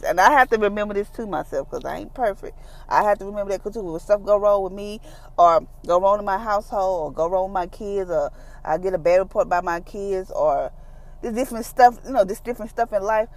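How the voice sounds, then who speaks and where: A woman giving a casual daily devotion, talking in a relaxed, down-to-earth way and acting out the voices she quotes. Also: mid-range voice. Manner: conversational, acts out quoted voices; informal, down-to-earth phrasing. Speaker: devotional speaker.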